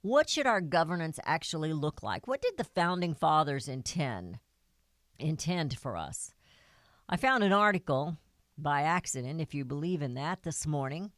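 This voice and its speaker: A woman's voice: sits low, sing-song, normal speed, dry recording. A woman hosting a talk radio show, speaking in an earnest, folksy manner into a studio microphone.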